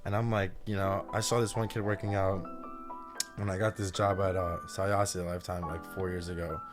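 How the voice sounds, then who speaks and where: Low-voiced soft-spoken young man. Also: moderate pace, over music. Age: 20s. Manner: relaxed, talks in loose run-on thoughts with many fillers. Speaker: podcast guest. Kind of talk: casual podcast conversation.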